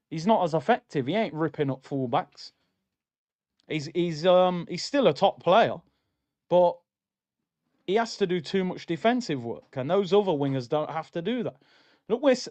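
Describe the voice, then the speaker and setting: Young guy ranting at his team on a watchalong stream, kinda high voice, fed up and slangy. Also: darkish tone, lo-fi sound. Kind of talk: live match reaction and reading chat.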